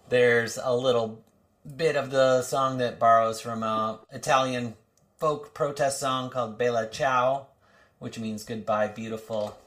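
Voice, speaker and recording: A man's voice: lowish voice, a bit bright. A man, a songwriter guest in a casual interview, talking hesitantly with many fillers.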